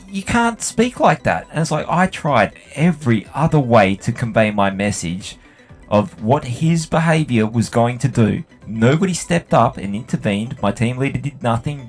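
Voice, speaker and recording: A man telling a long, profane story about work while he plays a game. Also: mid-range voice. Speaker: gaming channel host. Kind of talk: rambling anecdote while playing a game.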